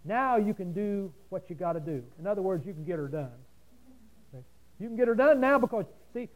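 A man preaching a sermon, folksy and rhetorical, swinging from loud emphasis to quiet asides. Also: high-pitched, low-quality recording.

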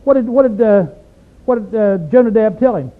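A man's voice: sits high, a little fast. A man preaching a sermon in a folksy, conversational way, often putting questions to the listeners. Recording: tinny phone-like recording.

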